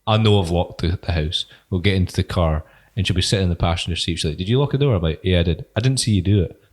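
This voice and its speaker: A man's voice: deep voice, fast. A man co-hosting a podcast, chatting casually, swearing often and laughing as he acts out his wife's lines. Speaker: podcast co-host. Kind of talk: casual chat.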